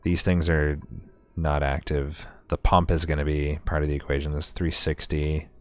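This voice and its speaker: A man's voice: extremely low pitch, little pitch movement, moderate pace, clean tone, no room sound, soft background music. A man streamer giving casual gameplay commentary, chatty and sarcastic with himself, swearing often.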